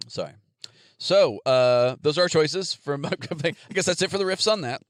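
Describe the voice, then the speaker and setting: A man's voice: a little high, measured pace, no room sound, studio quality. A man co-hosting a podcast in casual, comedic chat, rambling and jokey, often trailing off and restarting. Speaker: podcast co-host.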